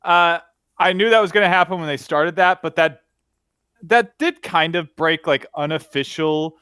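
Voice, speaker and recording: A man with a fairly high voice giving blunt opinions in a relaxed fan chat. He is recorded dry and close, with no room sound around him. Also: moderate pace, smooth, dry recording. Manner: opinionated, blunt, laughs at his own stories. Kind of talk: casual fan discussion.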